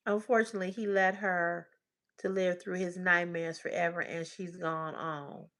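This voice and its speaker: A woman's voice: fairly low pitch, steady tone, moderate pace, a bit bright. A woman hosting a livestream, talking back to her chat in casual, blunt, profane commentary. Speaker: livestream host.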